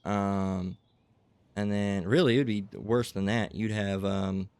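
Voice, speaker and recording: A man's voice: on the low side, fairly even intonation, slow pace, darkish tone, smooth, dry recording. A man giving a rambling religious lecture, tagging his points with "okay?" and "all right?". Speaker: religious teacher.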